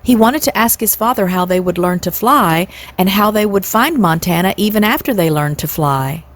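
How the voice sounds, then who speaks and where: A woman in her sixties reads a children's story aloud with gentle, steady pacing. Her voice sits at an ordinary medium pitch for a woman, calm and clear in the telling. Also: normal speed. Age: 60s. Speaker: storyteller, channel host. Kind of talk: reading a children's book aloud.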